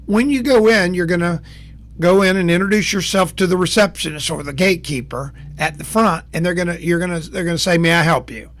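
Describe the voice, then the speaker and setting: High-voiced folksy man teaching sales. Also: fairly quick, fairly bright tone. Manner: folksy, plain-spoken, acts out short dialogues. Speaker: sales trainer. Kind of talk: instructional talk to camera.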